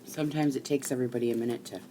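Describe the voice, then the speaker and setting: A middle-aged woman rambling casually to live-stream viewers while she crafts at home, chatty and quick to swear. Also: rumbling low, fairly even intonation, mellow, a little hiss or hum.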